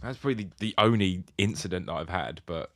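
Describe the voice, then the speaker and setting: A man's voice: sits low, expressive, fast, dry recording, studio quality. A young man, a podcast co-host, chatting in a laid-back, joking way. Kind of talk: casual chat.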